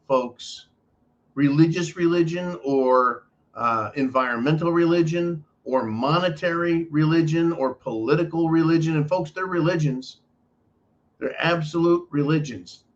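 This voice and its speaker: A man's voice: on the high side, highs cut off. A man hosting a political commentary show, delivering an emphatic, profane ranting monologue with lots of repetition.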